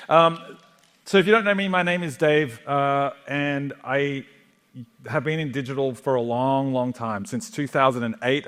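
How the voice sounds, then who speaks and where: A middle-aged Australian man giving a joking, animated keynote talk to a live audience in a large hall. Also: mid-range voice. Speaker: conference speaker.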